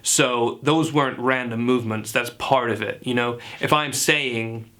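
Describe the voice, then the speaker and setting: Man as a smug male dialect coach in a comedy sketch: bright, forceful tone and earnest lecturing. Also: medium pitch, a little slow. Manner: earnest, confident pseudo-expert lecturing. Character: self-assured clueless male dialect coach. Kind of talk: parody tutorial sketch.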